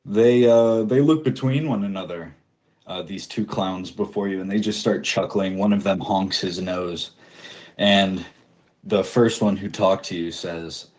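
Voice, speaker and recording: A man narrating as game master in a casual, halting way. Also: deep voice, steady tone, a little mellow.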